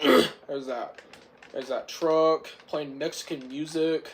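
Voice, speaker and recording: A reviewer with a sore throat rambling casually through a film's plot, clearing their throat again and again. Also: medium pitch, fairly even intonation, takes it slowly, slight background noise. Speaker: film reviewer. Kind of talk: rambling casual movie recap.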